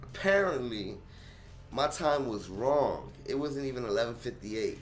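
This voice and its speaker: A young man telling a personal story to his vlog audience in an animated, slangy way. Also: mid-range voice, a little slow. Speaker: channel host.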